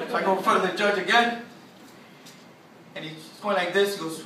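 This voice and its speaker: A man's voice: high voice, fairly even intonation, fast talker, pushed and bright, slight background noise. A man telling a profane stand-up story, laughing at his own jokes. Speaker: stand-up comedian. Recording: echoey room from far off.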